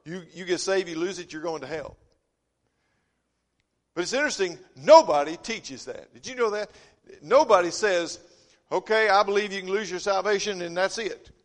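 A man preaching a sermon, telling folksy stories and swinging between loud emphasis and quiet asides. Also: a little high. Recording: long reverb of a church hall.

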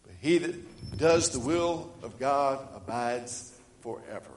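A man preaching a sermon, reading scripture and swinging between loud emphatic lines and quiet ones. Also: animated, slow pace, roomy sound. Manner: rises to loud emphatic preaching, then drops low; reads scripture aloud in old-fashioned wording. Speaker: pastor.

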